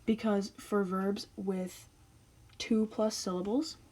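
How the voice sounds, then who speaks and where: A woman's voice: medium pitch, flat delivery, slow, background noise. A young woman teaching Spanish grammar in a casual, chatty explainer style, walking through each step.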